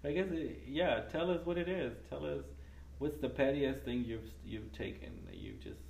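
A teasing, giggly podcast host running a casual chat. The voice has a gravelly edge and swings widely in pitch. It sounds roomy, with a faint hiss behind it. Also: big pitch swings, normal speed, darkish tone.

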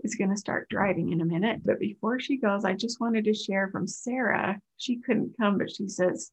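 A woman hosts a group call and hands the floor to each speaker. Her voice is husky and her manner encouraging. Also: medium pitch, moderate pace, hardly any pauses, poor audio. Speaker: group leader.

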